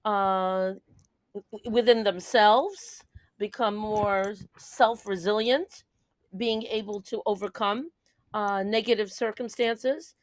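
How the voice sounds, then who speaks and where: An older woman hosting an interview, summing up her guest's points in a halting way with frequent fillers. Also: medium pitch, steady tone. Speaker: host.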